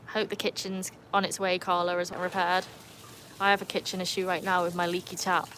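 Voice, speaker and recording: A woman's voice: on the low side, flat delivery, fairly quick, a bit bright, a little hiss or hum, low-quality recording. A woman with a mixed Birmingham and North Wales accent, chatting casually on a livestream and greeting viewers by name. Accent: mixed Birmingham and North Wales English. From England and North Wales. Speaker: livestream host. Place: home with a pool.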